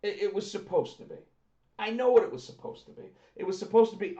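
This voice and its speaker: A man's voice: high-pitched, fairly even intonation, fast talker, warm tone. A man co-hosting a casual podcast, talking animatedly and acting out what others said. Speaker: podcast co-host. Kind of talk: casual wrestling chat. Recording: echoey room, dull lo-fi sound.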